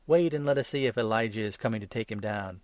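A man's voice: fairly low pitch, quick pace, no room sound, natural voice. A man reading aloud and voicing a skeptical male bystander with a wry manner.

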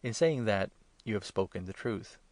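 A man reading the lines of Jesus as a calm, authoritative teacher in a scripted Bible reading. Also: lowish voice, normal speed, no echo, lightly acted. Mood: earnest. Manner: calm, earnest and instructive.

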